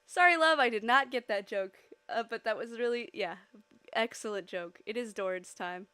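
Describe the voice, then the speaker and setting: A woman streaming live while she draws, chatting casually with her audience, giggling often and bursting into loud, excited squeals. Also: medium pitch, normal speed, smooth, dry recording.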